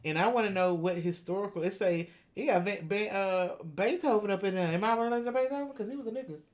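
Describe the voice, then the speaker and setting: A woman chatting casually on a podcast, laughing often and reading out figures slowly. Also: medium pitch. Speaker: podcast co-host. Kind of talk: casual chat.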